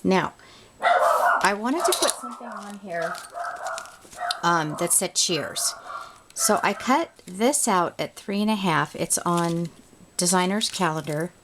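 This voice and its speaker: A woman's voice: lowish voice, expressive, slow pace, long pauses, background noise. A woman hosting a home craft tutorial, chatting casually and thinking aloud as she works. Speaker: crafting video host.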